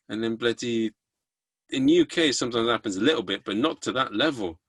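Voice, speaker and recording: English podcast host with a husky voice. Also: male voice, medium pitch, lively intonation, brisk, a bit bright, no room sound. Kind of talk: casual podcast chat over a video call.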